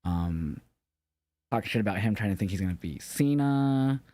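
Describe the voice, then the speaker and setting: Young male co-host, low-pitched, dry sound; casual, rambling recap delivery that corrects itself. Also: lively intonation, moderate pace, warm tone, no room sound. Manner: rambling, loose, swears casually, self-correcting. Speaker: podcast co-host. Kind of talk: casual wrestling recap chat.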